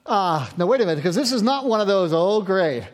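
A man's voice: high voice, expressive, quick pace. A middle-aged man from central Pennsylvania preaching a sermon, with self-mocking asides and rising passion. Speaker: pastor.

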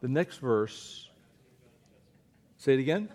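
Slow and sing-song at a medium pitch, a man preaches a sermon to a church congregation, coaxing them to read scripture aloud with him. He hails from Eastern North Carolina, and his manner moves from playful coaxing to a hushed, earnest tone.

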